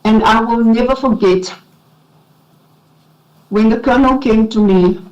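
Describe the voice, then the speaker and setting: A South African woman testifying as a witness at a formal inquiry, emotional and shaky, speaking earnestly with halting restarts. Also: on the high side, darkish tone. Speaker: witness, former police investigator. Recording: dull lo-fi hearing recording.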